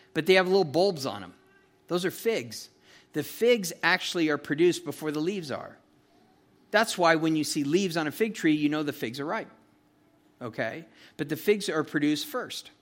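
A pastor giving a conversational verse-by-verse sermon in a folksy, chatty way, often checking in with "okay?" and "you know". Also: male voice, on the high side, a bit bright. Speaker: pastor teaching a Bible study.

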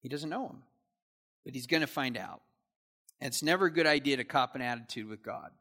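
A man's voice: mid-range voice, lively intonation, brisk, pushed and bright. A man teaching through a Bible passage verse by verse, with casual asides that check in with his listeners.

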